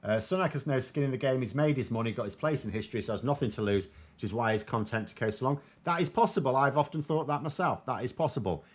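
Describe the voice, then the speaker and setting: Speaking fast with hardly any pauses, this British show host and political commentator answers viewer questions on politics in a relaxed, chatty way. His middle-pitched delivery is sardonic and wry, full of ums and restarts as he trails off.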